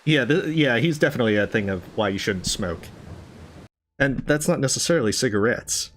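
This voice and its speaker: A man's voice: mid-range voice, animated, brisk. A man giving casual, wry let's-play commentary with swearing asides.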